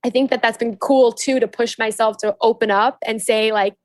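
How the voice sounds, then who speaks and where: A woman's voice: a little high, steady tone, dry recording. A woman co-hosting a podcast, talking candidly and personally in casual chat. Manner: candid, confiding, quick laughs. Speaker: podcast co-host, solopreneur.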